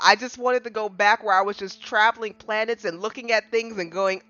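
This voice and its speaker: A gaming streamer casually recapping a game, excitable, with dramatic restarts and big jumps in pitch. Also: a little fast, hardly any pauses, no room sound. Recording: slightly dull lo-fi mic with faint music.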